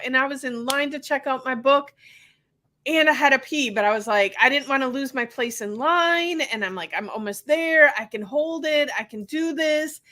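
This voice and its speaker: A woman with a high, very bright voice, hosting a casual podcast conversation. She talks in an earnest, conversational way, sharing a personal story. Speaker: podcast host, physical therapist.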